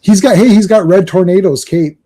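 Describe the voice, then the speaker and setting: A man's voice: high-pitched, a little fast, mellow, a little hiss or hum. A man co-hosting a casual comic book chat, joking and acting out panels in silly voices. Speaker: podcast co-host.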